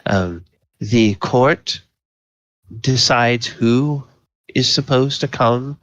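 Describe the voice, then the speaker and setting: A man's voice: mid-range voice, extremely slow, fairly bright tone, no room sound, muffled recording. A man voicing a polite, flustered male goblin doorman in a tabletop game. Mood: flustered politeness. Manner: polite, flustered, hesitant with many ums. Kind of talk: tabletop role-play.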